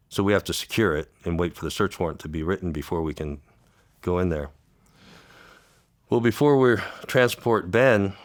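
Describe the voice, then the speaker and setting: Male interview guest, former undercover cop: low voice, halting, repeats words, tearful, close dry sound. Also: no echo. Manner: halting, repeats words, acts out quoted dialogue. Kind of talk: emotional storytelling.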